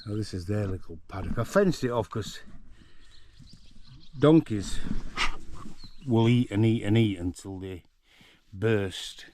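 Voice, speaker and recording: A man's voice: lowish voice, slow pace, long pauses, warm tone, a little hiss or hum. Older Yorkshire man chatting outdoors. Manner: chatty, talks fondly to his donkeys. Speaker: farm vlogger. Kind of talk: casual vlog to camera. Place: outdoors in a farm paddock.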